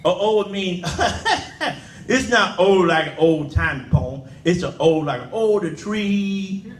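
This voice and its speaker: A man's voice: high-pitched, expressive, takes it slowly, recorded from a distance. A man giving a live poetry reading in folksy dialect. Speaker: poet. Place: indoor event room. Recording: echoey room, faint ambience.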